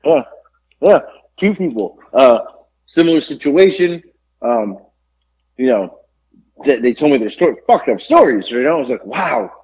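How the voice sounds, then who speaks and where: A man's voice: medium pitch, very animated, moderate pace, pauses often, a little mellow, slightly rough. A middle-aged man co-hosting a podcast in casual chat, rambling with lots of fillers and restarts. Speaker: podcast co-host. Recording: muffled lo-fi recording.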